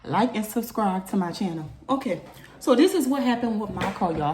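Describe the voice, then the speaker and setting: A young woman vlogger, telling a personal story in a casual storytime video, animated and jumping into loud high bursts when upset. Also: normal speed, slight background noise.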